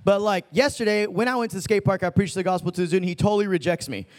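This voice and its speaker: A man's voice: high voice, very fast. A young man preaching a casual sermon, telling stories in laid-back slang and acting out the people in them. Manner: laid-back slang-filled, animated retelling. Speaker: youth preacher.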